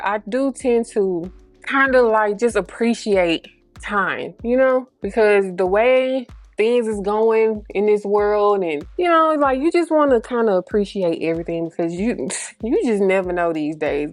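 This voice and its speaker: A woman, chatting casually through a makeup tutorial, slangy and rambling, a little breathy. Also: mid-range voice, no echo. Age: 30s. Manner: a little breathy, holds breath mid-sentence. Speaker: beauty vlogger. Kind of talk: casual get-ready-with-me chat.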